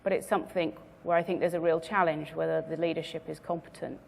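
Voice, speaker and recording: A woman speaker giving a measured business presentation to a conference audience, stressing her key words. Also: sits low, steady tone, vocal fry, in a large hall, slight background noise. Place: conference venue.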